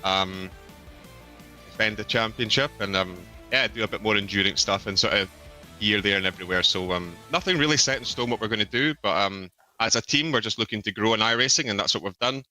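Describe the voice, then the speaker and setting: A man giving a casual post-race interview as the winning driver, relaxed and rambling with lots of ums. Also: fairly low pitch, brisk, soft background music.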